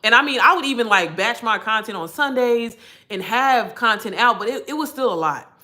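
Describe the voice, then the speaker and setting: A woman's voice: a little high, animated, brisk, bright, forceful tone. A woman mentoring in digital marketing, talking candidly and casually to her livestream viewers, cussing freely and calling them y'all.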